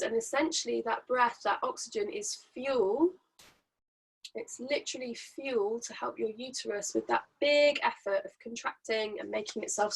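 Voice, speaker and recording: A woman teaches a prenatal yoga class from home, talking students through their breathing. Her instructions come soft and unhurried, meant to calm. Her voice sits a little high, with a gravelly fry running through it. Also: low-quality recording. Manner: soft, slow, soothing guidance.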